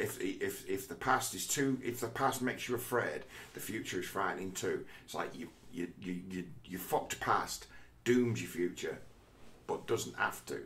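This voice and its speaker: Low gravelly male vlogger, a rambling and profane talker who philosophizes on camera. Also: a bit bright. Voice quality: heavy swearing, restless restarts.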